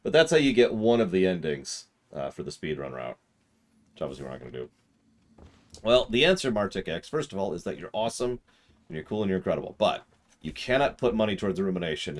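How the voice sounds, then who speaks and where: A man streaming a video game, joking with his chat in mock disbelief and getting excited. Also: low voice, fast talker. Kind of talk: casual live-stream commentary.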